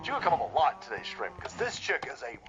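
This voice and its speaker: A man's voice: mid-range voice, wildly swooping pitch, racing, dull audio, over music. A man hosting a livestream, giving profane, sarcastic political commentary as he reacts to clips. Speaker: stream host.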